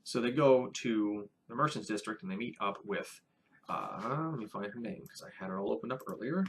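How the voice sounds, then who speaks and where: A man's voice: fairly low pitch, expressive, normal speed, slight background noise. A man who is a first-time dungeon master, recapping his latest tabletop session in a casual vlog, rambling with many fillers and restarts.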